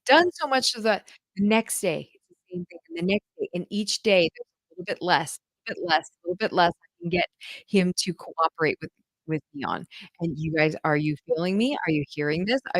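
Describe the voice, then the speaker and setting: Animated, enthusiastic woman homeschool coach. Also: lowish voice, no room sound, low-quality recording. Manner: enthusiastic, chatty, addresses listeners as "you guys". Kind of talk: direct-to-audience podcast monologue.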